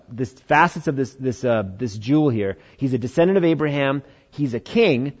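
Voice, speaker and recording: A man's voice: medium pitch, darkish tone, muffled recording. A man preaching a conversational sermon, acting out Bible dialogue in changing voices. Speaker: pastor.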